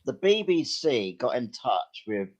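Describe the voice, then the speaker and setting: Older man telling lively anecdotes, dull recording. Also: mid-range voice, measured pace. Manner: lively, self-deprecating anecdotes with hesitations. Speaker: guest actor and writer. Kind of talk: casual chat, storytelling.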